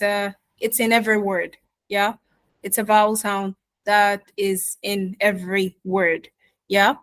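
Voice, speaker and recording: A woman whose first language is Arabic teaches an online pronunciation lesson in a somewhat high voice. She talks very slowly, full of fillers, often pausing to check in with "yeah?" or "okay?". The recording is dry and close, with no room sound. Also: a bit bright, no room sound. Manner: slow, many fillers, asks "yeah?" and "okay?" after points. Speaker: accent teacher.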